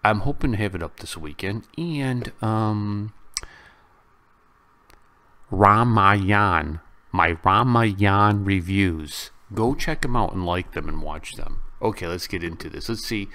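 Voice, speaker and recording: An American man hosting a reaction channel, chatting casually and self-deprecatingly to his viewers, now and then breaking into loud, excited bursts. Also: on the low side, normal speed, few pauses. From United States. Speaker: YouTube reaction host. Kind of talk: casual chat to camera.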